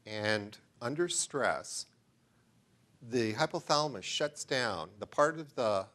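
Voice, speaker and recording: Taking his time, a middle-aged researcher lectures a roomful of listeners with enthusiasm and many tangents, regularly stopping to quiz them. His mid-range voice is expressive and slightly bright.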